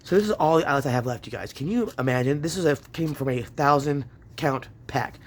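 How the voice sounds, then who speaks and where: A craft channel host with a mid-range voice talks fairly quickly, a little hiss or hum in the background. He leads a casual crafting tutorial from home, chatting with viewers, laughing a lot, and speaking to himself while he works.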